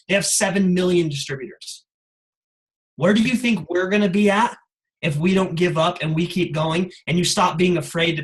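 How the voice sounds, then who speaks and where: Man with a high voice, high-energy motivational speaker, casual filler-heavy delivery. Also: low-quality recording. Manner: energetic, casual, many "like" and "you guys" fillers. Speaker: guest speaker on a sales call. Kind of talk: motivational call talk.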